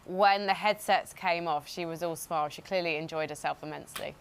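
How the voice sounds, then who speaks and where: A woman's voice: low voice, brisk, a little hiss or hum. A woman presenting a sports broadcast in a chatty, enthusiastic way.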